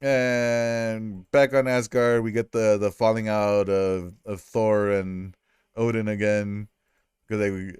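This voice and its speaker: A man's voice: lowish voice, slow, clear, resonant tone, dry recording, clean studio sound. A man co-hosting a casual chat, recapping a movie with frequent laughs and acted-out quotes. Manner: animated, laughs often, acts out quotes. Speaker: podcast co-host.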